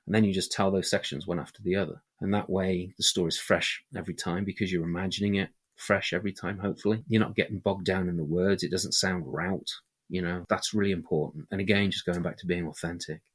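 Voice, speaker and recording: A man who tells stories for a living, speaking in a casual podcast interview, animated and often tagging his points with "right?". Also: deep voice, fast talker, husky. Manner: animated, peppers speech with "right?". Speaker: storyteller.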